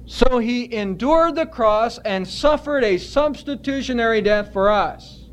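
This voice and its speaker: A man preaching a sermon as pastor, earnest and emphatic, stretching out his words with pauses. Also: very high-pitched, lively intonation.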